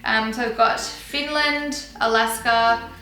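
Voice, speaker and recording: A woman's voice: on the high side, steady tone, slow, pushed and bright, echoey room, poor audio. A young woman chatting casually and giggling as she shows and tries out makeup on her channel. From Australia. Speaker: beauty vlogger. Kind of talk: casual chat.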